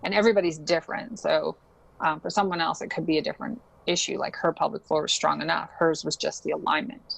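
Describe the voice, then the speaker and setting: A young woman talks casually as a podcast guest, her voice low-pitched with a gravelly fry. She laughs easily and strings thoughts together with likes and ums. The sound is dry and close. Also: steady tone, fast talker, no echo, rough recording. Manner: chatty, laughs often, many fillers. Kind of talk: casual interview chat.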